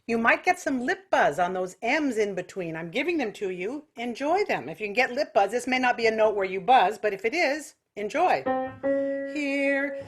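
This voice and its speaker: A woman teaching an online singing class, explaining slowly between nasal, quacking vocal demonstrations over a video call. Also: on the high side, expressive, soft background music. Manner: nasal quacking vocal exercises between slow spoken instructions.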